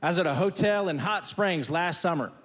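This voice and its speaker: A man's voice: high voice, lively intonation, brisk, a bit bright, big-room sound. A man performing a stand-up routine, firing off folksy one-liners on stage before a laughing audience. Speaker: stand-up comedian.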